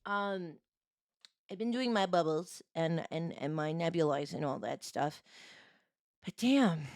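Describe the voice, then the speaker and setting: A woman streamer with a sore, hoarse voice, greeting chat viewers one by one and chatting casually on a live stream. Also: on the low side, dry recording, clean studio sound.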